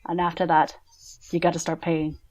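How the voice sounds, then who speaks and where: A woman's voice: fairly low pitch, monotone, moderate pace, a little mellow, lightly acted. A woman voicing a tired, wry woman innkeeper who speaks in a dry, weary way.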